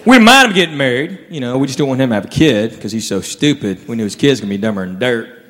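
A man's voice: mid-range voice, animated, quick pace, fairly bright tone. A man doing a stand-up routine, drawling and laughing at his own jokes. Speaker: stand-up comedian. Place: comedy club stage. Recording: live room with long reverb and audience. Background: crowd laughter, room noise.

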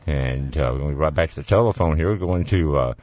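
A man's voice: rumbling low, fast, darkish tone, dry recording, clean studio sound, soft background music. A man hosting a call-in radio show, joking easily with callers in casual banter. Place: radio studio.

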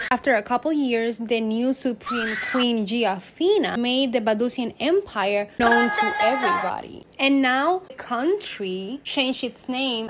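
A woman's voice: on the high side, noisy background. A woman casually retelling a story in a chatty, dramatic, self-amused way.

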